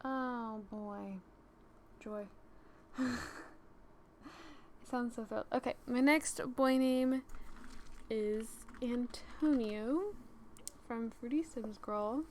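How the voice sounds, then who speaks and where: A young woman with a high voice rambles through casual commentary over a life-sim game. She talks at an unhurried, easy pace and keeps wandering off track, talking to herself between thoughts. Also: darkish tone, slight background noise. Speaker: let's-play gamer.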